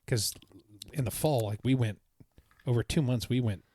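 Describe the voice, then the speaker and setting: A man co-hosting a casual podcast, telling rambling travel stories with frequent laughs and throat-clearing. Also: medium pitch, normal speed, warm tone, a little hiss or hum. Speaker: podcast co-host. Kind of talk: casual chat.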